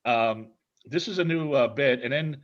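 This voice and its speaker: A man's voice: mid-range voice, normal speed. Rambling male talk show host, lo-fi. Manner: rambling, restarts sentences, jokey. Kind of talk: casual interview chat. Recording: dull lo-fi sound.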